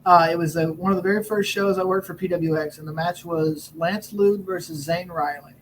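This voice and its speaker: A man from Augusta with a high voice tells stories as a guest on a podcast. He gets animated and acts out what people said, pushing his voice up. A faint hiss hangs under the recording. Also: brisk, low-quality recording. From Augusta, Georgia. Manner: animated storyteller who acts out lines in a raised voice. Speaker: wrestling referee guest. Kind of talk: casual interview storytelling.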